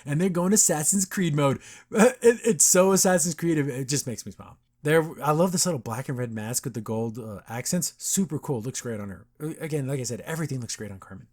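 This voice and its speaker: A man's voice: on the high side, brisk, darkish tone. A young man hosting a podcast, recapping a cartoon episode in a chatty, enthusiastic way and acting out the characters' lines. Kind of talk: casual recap commentary.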